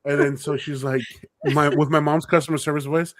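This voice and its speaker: A man's voice: on the high side, flat delivery, fairly quick, no room sound. A young man co-hosting a podcast, telling a story in casual, joking chat. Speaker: podcast co-host.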